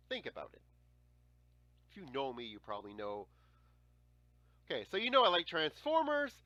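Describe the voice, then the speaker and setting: Animated, swearing man telling stories. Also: on the high side, dry recording. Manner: animated, swears often, laughs through stories. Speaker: livestream host. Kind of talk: casual storytelling chat.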